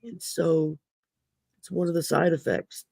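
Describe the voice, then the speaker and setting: A woman hosting a casual livestream chat, her voice growly from damaged vocal cords, rambling and halting with many fillers. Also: low-pitched, fairly even intonation, gravelly, warm tone, husky, no room sound. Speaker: host.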